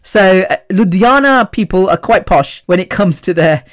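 A woman's voice: fairly low pitch, normal speed. A woman hosting her own podcast in a casual, rambling solo chat, laughing often between thoughts. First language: Punjabi. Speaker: podcast host.

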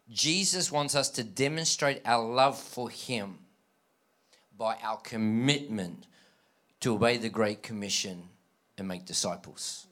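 A male preacher delivers a sermon in a voice of ordinary pitch. He is animated, slipping into the voices of scripture figures as he tells their stories. He keeps checking in with the congregation, urging them on with call-and-response. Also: normal speed. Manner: acts out quoted dialogue in scripture.

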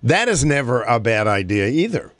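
A man's voice: medium pitch, sing-song, normal speed, a bit bright, dry recording. A man hosting a talk show, reading a moving story aloud and then chatting earnestly about helping caregivers. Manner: earnest, conversational.

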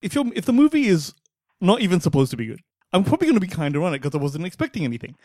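A man co-hosting a film review podcast in casual chat, opinionated and animated, laughing often. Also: sits high, rapid-fire, dry recording, studio quality.

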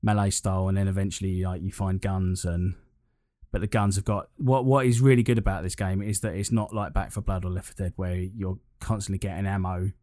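In a casual gaming chat, a man with a lowish, dark voice rambles along fairly quickly, restarting sentences as his enthusiasm builds. His pitch barely moves, and the recording is dry and close with no room sound.

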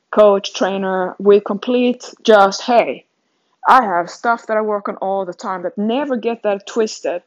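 With a mid-range, slightly mellow voice, a Swedish fitness coach thinks out loud in a loose, self-reflective monologue. She pokes fun at herself, laughs, and keeps starting her sentences over; the recording sounds dull and lo-fi.

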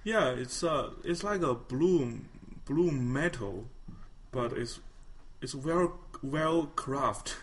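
Hesitant male panelist, lively pitch swings, halting delivery. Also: slight background noise. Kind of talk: casual comedic chat.

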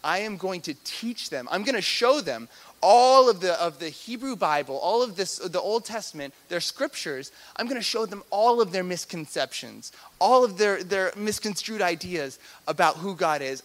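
Bright-voiced animated male preacher. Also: high voice, normal speed. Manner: animated, swings from loud to hushed, repeats words. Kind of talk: sermon.

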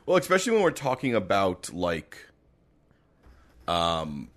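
A man's voice: deep voice, huge pitch swings, a little slow, fairly bright tone. A young man riffing in a casual, rambling podcast chat. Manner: rambling, riffing jokes with laughs.

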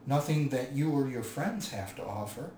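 A man's voice: mid-range voice, animated, normal speed, warm tone, close to an everyday voice. A man voicing a firm, resolute leader of men in a storybook reading. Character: steady, resolute human bowman leader. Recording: roomy, distant mic, faint hiss.

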